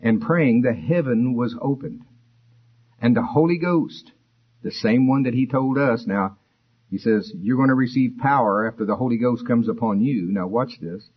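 A man preaching a sermon, explaining scripture in a conversational way and rising in pitch for emphasis. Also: normal speed, husky, lo-fi sound. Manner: expository, conversational, rises for emphasis.

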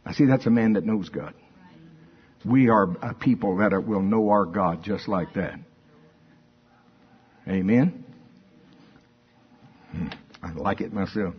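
A man preaching a sermon, moving between quiet asides and loud, emphatic declarations. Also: fairly low pitch, slow pace, pauses often, husky. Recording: dull lo-fi church recording.

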